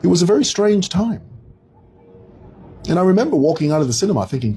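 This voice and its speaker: A Zambian man in his fifties with a Zambian accent, talking through current events in a loose, storytelling way. His voice is very husky, and his pitch swings widely as he digresses from point to point. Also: very animated, fast, dark tone. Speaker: commentator. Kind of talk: casual commentary.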